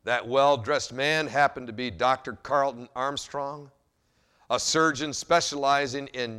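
A male pastor preaching a sermon and telling a story in an animated way, with wide swings in loudness. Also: mid-range voice, smooth.

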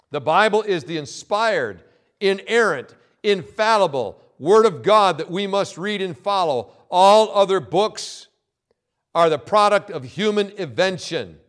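A male pastor preaching a sermon, emphatic and insistent, repeating key phrases and pausing for effect. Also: sits high.

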